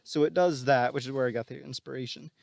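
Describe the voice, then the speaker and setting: A man's voice: mid-range voice, fairly even intonation, fast talker, vocal fry, a little mellow, no echo, clean studio sound. A man casually retelling a story plot, rambling and full of fillers.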